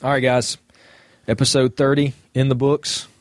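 A man's voice: medium pitch, little pitch movement, moderate pace, dry recording, clean studio sound. A man co-hosting a podcast, chatting casually in a rambling, hesitant way. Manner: rambling, hesitant with many fillers. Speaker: podcast co-host. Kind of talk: casual chat.

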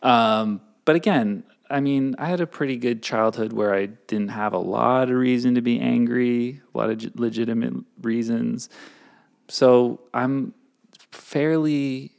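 A man's voice: medium pitch, a little slow, gravelly, darkish tone. A man co-hosting a casual chat, rambling and self-mocking, with lots of restarts.

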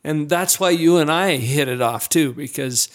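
A man hosting an interview, speaking in a reflective, deliberate way. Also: a little high. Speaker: host. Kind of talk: interview conversation.

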